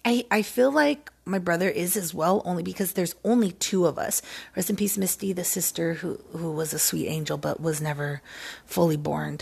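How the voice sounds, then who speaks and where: A woman's voice: on the low side, steady tone, normal speed, creaky, darkish tone, slightly rough. A woman podcast host rambling casually and self-mockingly from a recliner at home. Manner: scattered, self-mocking, giggly.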